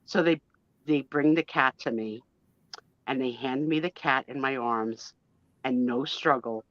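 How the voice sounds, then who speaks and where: A woman's voice: extremely low pitch, a little slow, no room sound. A woman in her fifties, a guest on a live chat show, telling a story in a gushing, emotional, chatty way with mild swearing. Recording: dull lo-fi, dry sound.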